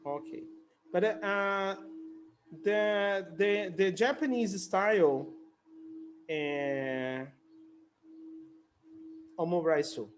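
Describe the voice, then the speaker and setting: Man, English teacher, high voice, chatty, repeats words, video call class. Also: very slow, pauses often, a little hiss or hum. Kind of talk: casual online conversation class.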